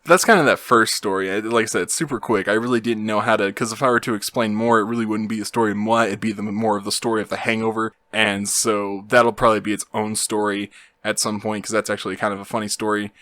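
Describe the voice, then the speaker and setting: A man's voice: on the low side, steady tone, fast talker, fairly bright tone, dry recording. A young man hosting his own channel and telling a story casually, rambling with lots of fillers. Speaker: YouTube host.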